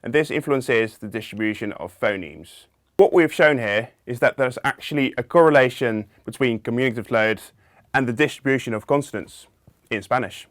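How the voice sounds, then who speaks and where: A man's voice: medium pitch, moderate pace, no room sound, studio quality. A man presenting a linguistics lesson in an explanatory video lecture, walking through the ideas methodically, step by step.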